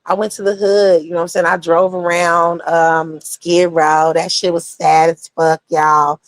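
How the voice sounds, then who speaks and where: A woman's voice: lowish voice, level tone, unhurried, dry recording. A young woman talking casually on a livestream, blunt and profane, rambling between topics as a streamer.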